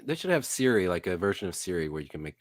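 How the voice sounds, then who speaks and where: A man co-hosting a casual live stream, joking and animated. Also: deep voice, racing, no echo. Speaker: co-host.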